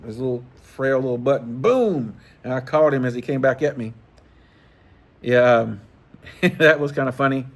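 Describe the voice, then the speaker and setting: Middle-aged man, easygoing and profane, rambling casual vlog chat at mid pitch. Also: fairly even intonation, normal speed. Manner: rambling, profane, laid-back, chuckling. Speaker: fishing channel host.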